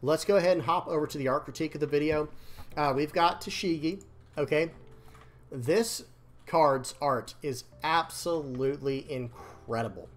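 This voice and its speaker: A man giving casual, rambling commentary on card game decks and art, repeating words and talking to viewers, his throat dry and voice slightly strained. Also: medium pitch. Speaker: card game content creator. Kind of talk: casual commentary over screen.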